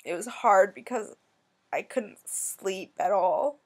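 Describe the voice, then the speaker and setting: A young woman from Canada shares her own story in a quiet, halting voice. She pauses often and sounds close to tears. Her pitch sits in the middle. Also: breathy edge. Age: young adult. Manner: soft, halting, emotional, many pauses. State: tearful. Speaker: vlogger. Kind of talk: personal storytelling.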